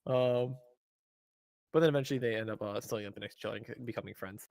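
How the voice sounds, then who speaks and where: A man's voice: medium pitch, a little fast, darkish tone, no room sound. A man co-hosting a podcast, recapping an episode casually with many ums and uhs. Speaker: podcast co-host.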